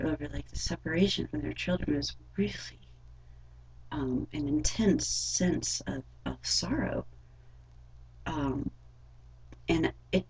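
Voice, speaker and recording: A young adult woman telling a personal story in a vlog, halting and rambling with many fillers. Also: deep voice, gravelly, darkish tone, slight background noise, rough recording. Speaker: vlogger.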